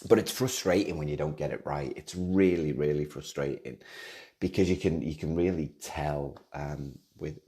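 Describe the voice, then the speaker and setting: A man's voice: very deep voice, moderate pace, warm tone. A man hosting a casual solo podcast, rambling along with frequent restarts, repeated words and self-deprecating jokes. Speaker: podcast host.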